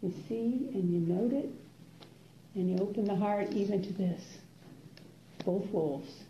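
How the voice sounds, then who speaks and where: An older woman, a meditation teacher, giving an unhurried, musing dharma talk to a class, with soft laughs and pauses. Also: mid-range voice, slight background noise. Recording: roomy, dull lo-fi room recording.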